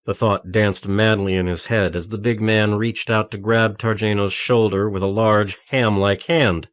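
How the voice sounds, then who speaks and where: A man narrating an audiobook thriller in a steady, measured reading. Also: on the low side, dry recording.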